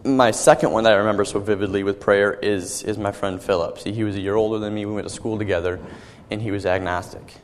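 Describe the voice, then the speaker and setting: A young man giving an earnest personal testimony as a sermon, halting and often repeating his words. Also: lowish voice, fairly even intonation, in a large hall, slight background noise. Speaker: young preacher.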